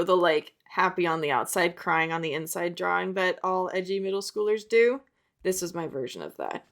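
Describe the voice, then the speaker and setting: Chatty self-mocking young woman with fry. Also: fairly low pitch. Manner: chatty, self-mocking, laughs at her old drawings. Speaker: art vlogger. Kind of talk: casual sketchbook tour narration.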